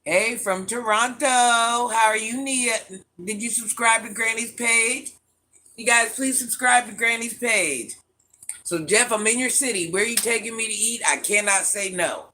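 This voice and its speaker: Chatting playfully on a live stream, a man with a mixed country accent responds to comments from viewers. His voice is extremely high, pushed and bright, and his pace is a little slow.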